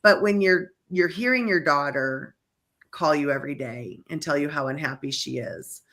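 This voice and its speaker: Expressive mother with a bright voice. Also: sits low, moderate pace. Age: middle-aged. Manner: expressive storyteller, mimics family voices. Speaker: podcast host, parent. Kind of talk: casual podcast chat.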